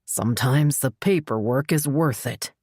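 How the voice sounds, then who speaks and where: A woman voicing a gruff, grim male sheriff who speaks low and hushed. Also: lively intonation, moderate pace, no echo, clean studio sound, heavily acted.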